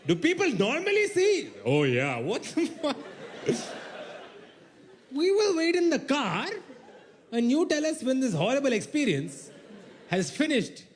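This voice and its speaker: A young man from India doing a stand-up comedy set, telling a story with sudden shouted outbursts and mock voices. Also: very high-pitched, wildly swooping pitch, a little slow, pauses often.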